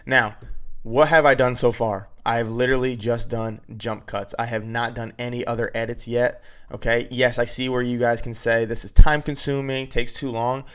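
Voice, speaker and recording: A man's voice: medium pitch, flat delivery, normal speed, fairly bright tone. A man teaching video editing in a casual, step-by-step way, often checking in with "right?". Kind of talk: screen-recorded editing tutorial.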